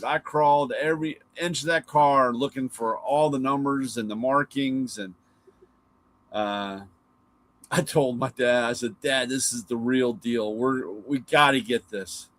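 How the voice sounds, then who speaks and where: This is a middle-aged man's mid-range, fairly bright voice as he hosts a live car talk show. Casual and rambling, he shares stories of old cars and his dad, cursing and mimicking voices as he acts out his father's words.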